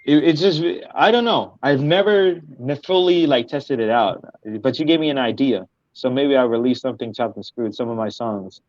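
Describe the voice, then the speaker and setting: A young man from Houston, a guest rapper chatting casually, halting and full of fillers. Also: medium pitch, darkish tone. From Houston, Texas. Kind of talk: casual interview chat. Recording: dry, slightly muffled audio.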